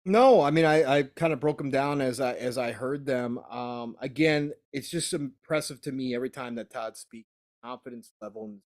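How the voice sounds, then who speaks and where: A man co-hosting a casual gaming podcast, animatedly retelling what someone said, full of "he goes". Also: medium pitch. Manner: animated, retells quotes at length with many "he goes". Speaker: podcast co-host.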